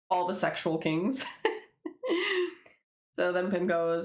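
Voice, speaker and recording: A fairly low-voiced woman rambles through her own comic, dropping swear words and quick laughs between panels. Her voice rings in a roomy, echoey space. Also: fairly even intonation, vocal fry. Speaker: webtoon creator. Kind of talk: casual commentary reading a comic. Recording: roomy echo.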